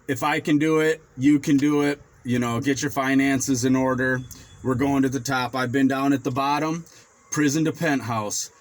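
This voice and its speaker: A man in his forties telling a story casually to the camera, rambling and swearing freely, getting animated when he quotes himself. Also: medium pitch. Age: 40s. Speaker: finance vlogger.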